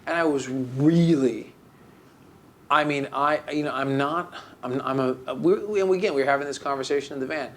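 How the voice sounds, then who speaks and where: A man's voice: mid-range voice, normal speed, fairly bright tone, slight background noise. A man co-hosting a podcast, chatting casually and telling a story with mock melancholy, full of fillers and restarts. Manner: rambling, with many fillers and restarts. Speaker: podcast co-host. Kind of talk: casual chat.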